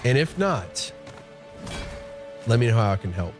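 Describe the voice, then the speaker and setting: A man's voice: medium pitch, sing-song, measured pace, music in the background. A man live-streaming a game and chatting casually, giddy and emotional, laughing often. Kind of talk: casual chat while gaming. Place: home.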